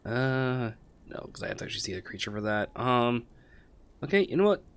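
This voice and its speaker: A man sits in on a tabletop game, talking through his options out loud. His voice sits at an ordinary middle pitch, and he hesitates constantly, filling the gaps with ums and uhs. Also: lively intonation, fairly quick, smooth. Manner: hesitant, thinking aloud with many fillers. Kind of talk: casual game table chat.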